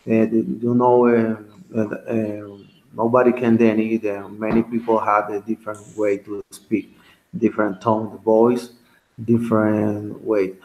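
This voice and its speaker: A male English teacher whose first language is Spanish, talking haltingly in an online conversation class, with many restarts and self-corrections. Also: lowish voice, little pitch movement, highs cut off. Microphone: video call. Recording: roomy echo.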